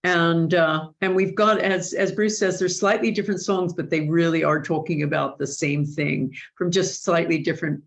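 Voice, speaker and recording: A woman's voice: on the low side, steady tone, normal speed, vocal fry, few pauses. A woman hosting an online question-and-answer session, speaking in an earnest, thoughtful way with frequent restarts. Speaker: host. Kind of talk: live online Q&A discussion.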